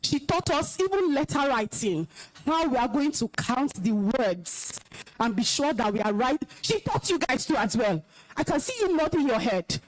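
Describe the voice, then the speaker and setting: The students of a school hear a harsh, forceful address from a woman with a Nigerian accent, an alumna acting as guest speaker and compere at a live event in the hall. She scolds and commands in a high, sing-song voice at normal speed, captured in a low-quality recording.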